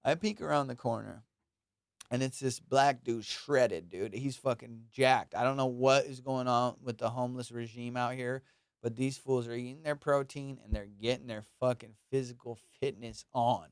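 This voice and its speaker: A man hosting a podcast, telling profane, rambling comic stories in a casual, animated way. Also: medium pitch, moderate pace, smooth, no room sound, studio quality. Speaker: comedian and podcast host. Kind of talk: casual comedic storytelling. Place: Los Angeles.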